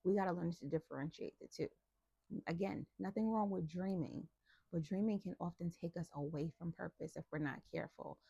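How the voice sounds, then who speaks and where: Gravelly, husky-voiced woman preacher. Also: fairly low pitch, brisk, dark tone, dry recording, muffled recording. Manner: chatty, playful and encouraging, addresses listeners directly. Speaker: host of a faith devotional channel. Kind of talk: casual Bible devotional talk.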